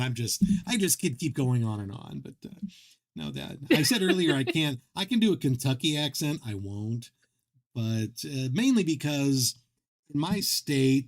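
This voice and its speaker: A man hosting a game livestream who tells long, rambling, self-deprecating stories, restarting his sentences often. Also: mid-range voice. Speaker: livestream host. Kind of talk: casual chat while streaming a game.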